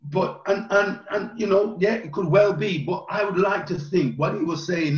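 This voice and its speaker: Animated man leading Bible study. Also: high-pitched, moderate pace, few pauses. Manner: animated, repeats phrases for emphasis. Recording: roomy, dull lo-fi sound.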